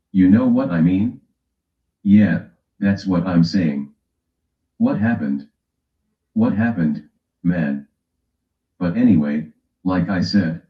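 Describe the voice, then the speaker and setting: A man from the West Coast of the US hosting a casual livestream, teasing his chat and reading a timer aloud. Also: low-pitched. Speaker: livestream host. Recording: echoey room, dull lo-fi sound.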